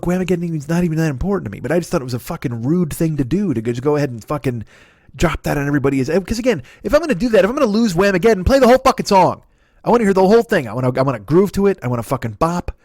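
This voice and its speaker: A man's voice: fairly high pitch, no room sound, studio quality. A man in his fifties doing a rambling, profane comedic monologue as a podcast host. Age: 50s. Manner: profane, ranting, animated.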